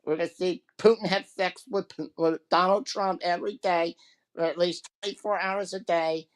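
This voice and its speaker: A man putting on the voice of a brash Southern congresswoman, with a Southern accent, a high pitch and a slight lisp, ranting over the top. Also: fairly even intonation, normal speed, natural voice.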